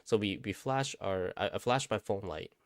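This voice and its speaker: A man's voice: fairly low pitch, moderate pace, no room sound, studio quality. A man casually telling a spooky story, rambling, repeating himself and swearing often. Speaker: vlogger.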